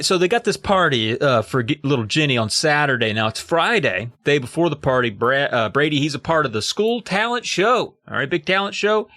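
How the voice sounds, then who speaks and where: A man co-hosting a podcast, recapping a story in a jokey, animated way. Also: a little high, dry recording. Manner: animated, jokey, acts out characters. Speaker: podcast co-host.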